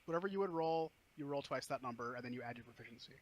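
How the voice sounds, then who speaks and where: A man's voice: medium pitch, racing, dull audio. A man running a tabletop game as game master, describing scenes and patiently sorting out rules questions.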